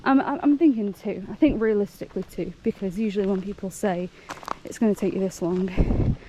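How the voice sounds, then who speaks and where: A woman's voice: medium pitch, brisk, noisy background. A young woman chatting casually to camera as a hiking vlogger outdoors, rambling and laughing often.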